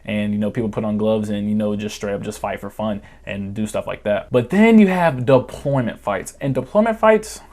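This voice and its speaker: Profane low-voiced man telling war stories. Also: a little mellow. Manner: profane, rambling, laughs while telling. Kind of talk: casual storytime vlog.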